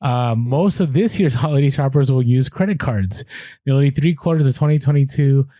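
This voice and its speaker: Podcast guy, warm mellow voice, reads off stats w/ offhand asides, dry close mic. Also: mid-range voice, moderate pace, dry recording. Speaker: podcast co-host. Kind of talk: casual podcast chat.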